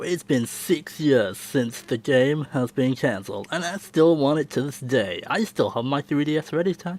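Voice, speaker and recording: A man's voice: mid-range voice, darkish tone. A young man casually answering viewer questions on his channel, talking in a chatty, rambling way and often laughing. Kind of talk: casual Q&A chat.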